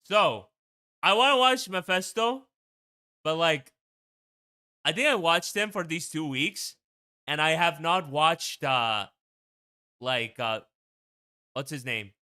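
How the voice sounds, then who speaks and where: Young male streamer, crisp tone, loose and profane, casual watch-party chatter. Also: fairly high pitch, expressive, slow pace, pauses often, bright, forceful tone. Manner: rambling and swears often.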